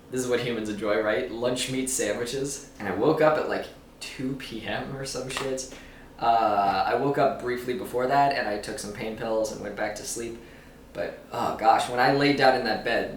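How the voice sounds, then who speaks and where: A man's voice: mid-range voice, moderate pace, distant mic, slight background noise. Rambling man vlogging in an echoey room. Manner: rambling, loose, swears and laughs often. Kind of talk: casual chat to camera. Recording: roomy echo, a bit off-mic, faint ambience.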